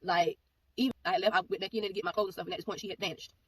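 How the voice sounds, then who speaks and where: A woman giving a personal testimony, telling the story in a rapid, animated way and acting out the back-and-forth of the exchange. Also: fairly low pitch. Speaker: ministry speaker giving a testimony. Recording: voice a bit far from mic, faint background noise.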